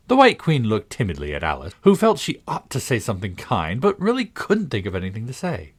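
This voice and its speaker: Expressive man reading a storybook. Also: fairly low pitch, brisk, few pauses, breathy edge. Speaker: storybook reader.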